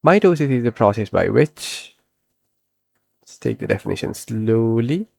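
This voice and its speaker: A man giving a recorded biology lesson, asking questions and then answering them himself, and slowing down to stress key terms word by word. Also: mid-range voice, lively intonation, creaky, a little mellow. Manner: explanatory, asks and answers his own questions. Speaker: biology teacher.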